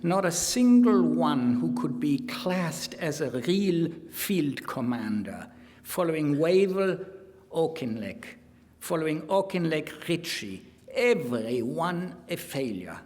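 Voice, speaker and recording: A man's voice: sing-song, takes it slowly, a little mellow. A man reading quotations in a mock German accent, voicing a gloating middle-aged German wartime official reading from his diary. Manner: emphatic, raised pitch. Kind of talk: lecture quotation read in character. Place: conference hall. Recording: hall reverb, faint room noise.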